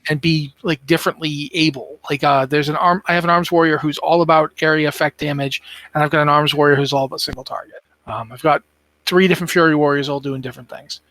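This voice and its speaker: A tired man chatting on a podcast, his voice sitting a touch high for a man. He rambles and thinks aloud, filling pauses with ums and uhs. The sound is dry and close, with no room around it. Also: steady tone, fairly bright tone, no room sound. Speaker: podcast co-host. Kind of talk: casual gaming podcast chat.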